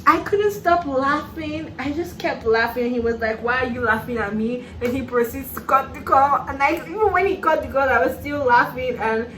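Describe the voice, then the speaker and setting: A woman's voice: sits high, normal speed, few pauses, a bit bright, echoey room, low-quality recording. A young Nigerian woman with a Nigerian accent, chatting casually and sassily while getting ready, laughing often. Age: young adult. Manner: sassy, playful, laughs often, calls listener "honey". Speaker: YouTuber. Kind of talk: casual get-ready-with-me chat.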